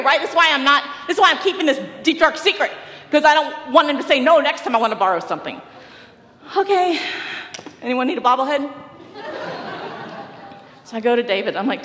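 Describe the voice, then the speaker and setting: A woman pastor preaching a sermon, telling a personal story in a lively way and laughing often. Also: sits high. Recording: echoey hall with long reverb.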